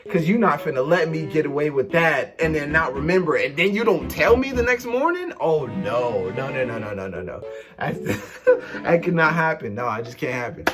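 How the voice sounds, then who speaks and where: A young man vlogger casually telling a storytime story, animated and slangy, acting out what people said. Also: fairly high pitch, fairly quick, over music. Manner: animated, slangy, acts out quotes.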